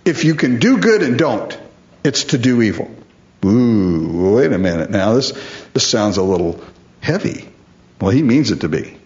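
A man's voice: lowish voice, very animated, measured pace, darkish tone, reverberant, lo-fi sound. A man preaching a sermon, emphatic and full of rhetorical questions, repeating words for stress.

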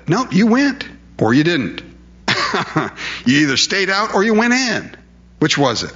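Husky preacher guy, voice swoops up and down, rhetorical questions, muffled recording. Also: high-pitched, measured pace, long pauses. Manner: animated, rhetorical questions, acts out quotes. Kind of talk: sermon. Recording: dull lo-fi recording.

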